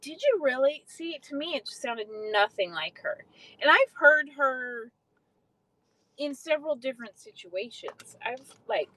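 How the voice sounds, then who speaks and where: A woman's voice: sits high, very animated, a little slow, bright, forceful tone, no room sound, rough recording. A young adult woman casually chatting on a livestream, swearing freely and answering viewers' comments. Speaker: livestream host.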